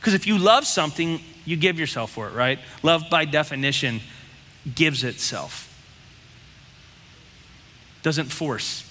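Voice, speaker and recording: A man's voice: on the high side, lively intonation, unhurried, pauses often, pushed and bright, in a large hall, a little hiss or hum. A man preaching a sermon as pastor, talking bluntly and conversationally, with lots of rhetorical questions.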